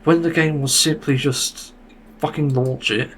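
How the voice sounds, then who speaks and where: Gravelly podcast host ranting with exasperation. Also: male voice, on the high side, fairly even intonation, unhurried, a little hiss or hum. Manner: exasperated, swearing. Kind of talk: solo podcast rant.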